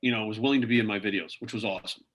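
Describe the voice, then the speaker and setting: A man's voice: on the low side, steady tone, racing, a bit bright. A man as a podcast guest, telling rambling anecdotes in casual interview talk, full of "like" and "you know".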